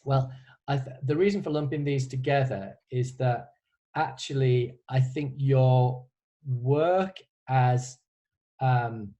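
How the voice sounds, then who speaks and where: A composer with a mellow, mid-range voice answers student questions slowly on a video call, and the audio sounds dull. In this casual online Q&A he is hesitant and often restarts, with a wry sense of humor.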